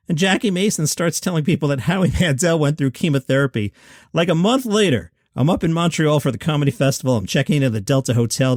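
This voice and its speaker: A man's voice: on the high side, no echo, studio quality. A man hosting a podcast, retelling a comedian's stories and acting out the voices in them. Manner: animated storytelling, acting out quoted voices. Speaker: podcast host.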